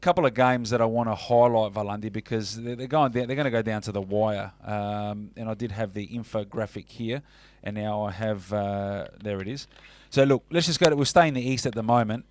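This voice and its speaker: A man's voice: on the low side, fairly even intonation, fairly quick, few pauses, darkish tone. A man co-hosting a casual sports radio show, chatty and matey. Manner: chatty, calls co-host mate.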